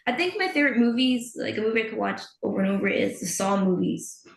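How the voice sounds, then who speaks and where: A woman chatting on a podcast in a loose, giggly way. Her voice carries a gravelly fry. The sound is roomy and echoey. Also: a little high, animated, quick pace. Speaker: guest filmmaker. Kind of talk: casual podcast chat.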